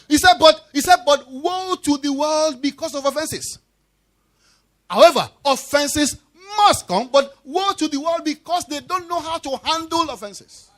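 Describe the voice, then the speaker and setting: A man's voice: extremely high pitch, fairly bright tone. A man preaching a sermon in church, who drives his point home through repetition and call-and-response questions to the congregation. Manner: emphatic call-and-response preaching, repeating key phrases. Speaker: pastor.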